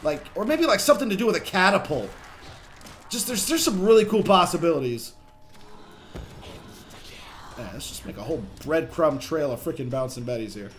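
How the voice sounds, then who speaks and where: Young male gaming host, high voice, casual chatty commentary, faint background hum. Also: moderate pace, long pauses. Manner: chatty, excitable, swears under pressure.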